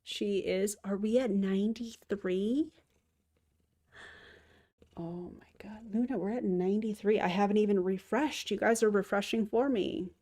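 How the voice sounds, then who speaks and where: A woman's voice: medium pitch, steady tone, normal speed, few pauses, dark tone. A woman hosting a casual livestream, chatting to viewers and cooing to her cat. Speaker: streamer host.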